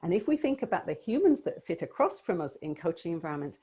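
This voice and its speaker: A woman coach giving an online presentation over a video call, explaining ideas warmly and thinking aloud with some restarts. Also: fairly low pitch, sing-song, fast talker, breathy edge.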